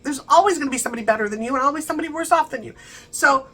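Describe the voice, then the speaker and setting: A woman's voice: high voice, rapid-fire, a bit bright, rough recording. A middle-aged woman chatting casually to her viewers, encouraging and laughing often. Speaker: vlogger. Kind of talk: casual chat to camera.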